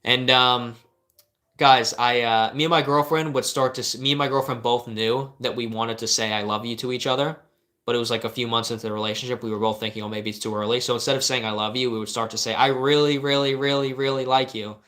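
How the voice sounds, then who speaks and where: A man's voice: mid-range voice, fairly even intonation, quick pace, pushed and bright. A young man, a life coach, giving casual live-stream advice to viewers, earnest and rambling with many restarts.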